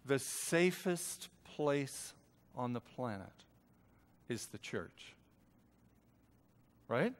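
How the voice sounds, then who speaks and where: An older man preaching a storytelling sermon, swinging between hushed and loud lines. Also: mid-range voice, sing-song, drawn-out words, pauses often, in a large hall. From United States.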